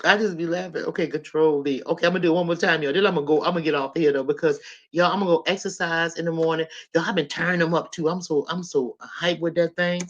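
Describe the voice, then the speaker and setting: A woman in her sixties hosting a live stream, talking casually and straight to her viewers, animated and often laughing. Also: low voice, fast, dull audio. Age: 60s.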